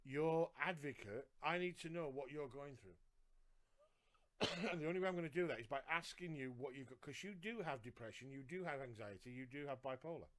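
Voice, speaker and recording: Brief: man, podcast co-host, earnest, slightly high voice, drives his points home by repeating them. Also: a little fast, fairly bright tone. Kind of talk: casual live podcast chat.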